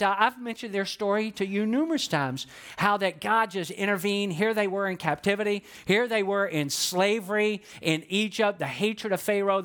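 A man's voice: sits high, a bit bright. A man, a pastor, preaching a sermon in a loose conversational way, asking the listeners questions and acting out quotes.

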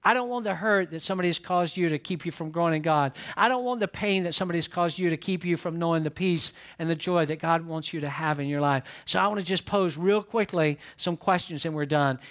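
A man preaching a sermon as pastor, animated, acting out the voices of his listeners and of Bible figures. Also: a little high, a little fast, hardly any pauses.

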